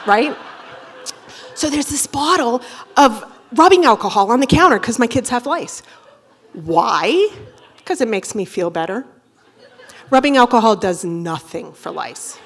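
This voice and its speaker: High-voiced profane storyteller woman. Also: measured pace, long pauses, husky. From Boston area. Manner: profane, animated, comic, with rhetorical asides. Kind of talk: live personal storytelling. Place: theater stage before a live audience.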